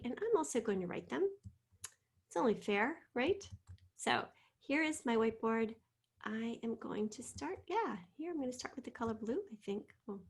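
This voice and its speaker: A woman teaching a spelling lesson, patiently sounding out letters and sometimes dropping to a soft whisper. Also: a little high, husky.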